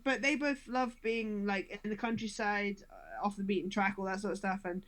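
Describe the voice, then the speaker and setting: A woman's voice: mid-range voice, moderate pace, a bit bright. A woman in her thirties from Scotland who speaks with a standard British accent, chatting casually as a podcast guest and laughing often. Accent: southern English, standard British. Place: home, during lockdown.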